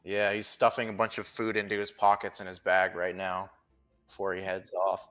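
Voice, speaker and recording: A man narrating a tabletop game as game master, describing the action with lively, profane flair. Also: low-pitched, normal speed.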